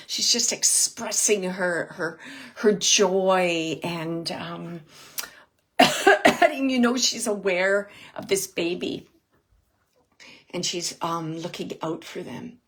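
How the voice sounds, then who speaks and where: A woman working as a psychic medium, giving a live reading in a soft, hesitant way, with many pauses, and repeating words as she relays messages. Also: lowish voice, vocal fry, slightly rough. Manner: repeats words and phrases for emphasis. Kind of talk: live spirit reading for an audience member.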